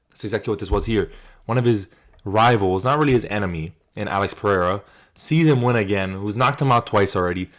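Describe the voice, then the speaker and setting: Young dude with a kinda low voice, chill and sweary, says like a lot, hosting his channel. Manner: loose and profane, heavy on "like". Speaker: channel host. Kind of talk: casual commentary video.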